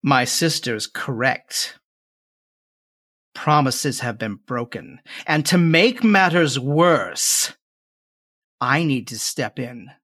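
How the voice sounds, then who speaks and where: Narrator voicing a slow vengeful crone spirit. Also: medium pitch, expressive, fairly bright tone, no room sound, clean studio sound. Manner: slow, drawn-out, menacing.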